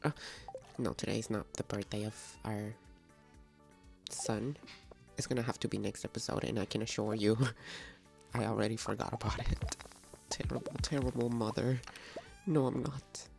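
Gravelly-voiced woman chatting through a game. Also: a bass voice, steady tone, normal speed, pauses often, a little mellow, soft background music. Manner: chatty and playful, talks to game characters and viewers. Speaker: gaming video host. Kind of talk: casual let's-play commentary.

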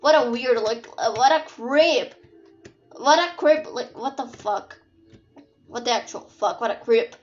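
High-voiced Brazilian woman gaming. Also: a little slow, slight background noise. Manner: playful, sarcastic, swears a lot. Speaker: gameplay streamer. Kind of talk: casual gameplay commentary. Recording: dull lo-fi audio with faint game music.

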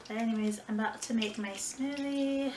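A woman's voice: a little high, steady tone, normal speed, a little mellow, roomy sound, a little hiss or hum, poor audio. Tired chatty woman vlogging at home. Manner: chatty, dramatic sighs and playful exaggeration. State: tired and short of breath. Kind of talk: casual vlog chat. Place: home kitchen. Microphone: phone on a selfie stick.

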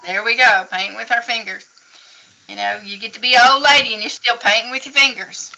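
A woman's voice: on the high side, fairly even intonation, fairly quick, sharp tone, poor audio. A woman teaching a casual painting lesson at a craft table, chatty and encouraging as she explains each step. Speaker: craft instructor.

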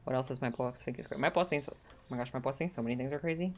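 A woman's voice: extremely low pitch, rapid-fire, soft background music. A woman streamer chatting casually at home while gaming, rambling with lots of "like" and getting heated when something annoys her. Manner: rambling, heavy use of "like".

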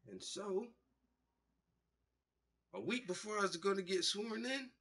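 A man hosting a painting show, telling stories in a loose, profane, animated way and acting out the people he quotes. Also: high voice, unhurried, slightly rough. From United States. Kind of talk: casual storytelling monologue.

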